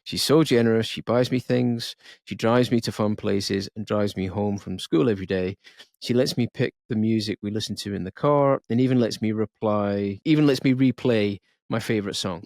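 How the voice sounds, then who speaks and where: A man co-hosting a podcast, reading a listener's confession aloud in a plain, steady way with small stumbles. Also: lowish voice, dry recording, studio quality.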